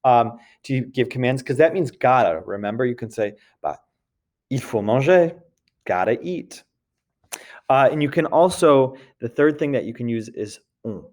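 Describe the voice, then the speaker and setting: A man teaching a recorded grammar lesson, patiently repeating points and checking in with his students as he goes. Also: mid-range voice. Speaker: French teacher.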